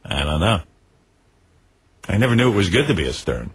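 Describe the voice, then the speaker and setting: A man's voice: sits low, sing-song, a little fast, husky. A man hosting a radio talk show, rambling and self-deprecating as he chats in the studio. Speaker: radio host.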